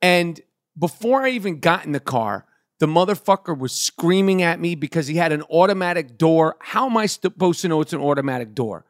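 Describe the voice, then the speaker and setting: A man in his fifties hosting a podcast, ranting loudly with lots of swearing in casual chat. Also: a little high, expressive, fairly quick. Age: 50s. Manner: loud, profane and ranting. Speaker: podcast host.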